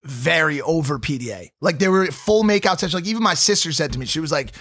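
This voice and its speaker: A man's voice: on the high side, lively intonation, fast, a bit bright, slightly rough, no room sound. A young man co-hosting a podcast in casual chat, chiming in loosely with jokes, on a studio mic. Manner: loose, joking interjections, chiming in. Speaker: podcast co-host.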